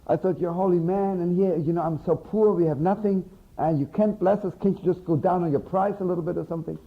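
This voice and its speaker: Casual: guy doing a poor peasant wife, loud and pleading, kinda high and whiny, sounds tinny like an old phone tape. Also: steady tone, fast talker. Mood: pleading, indignant. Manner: yelling and pleading. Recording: tinny phone-like archival recording.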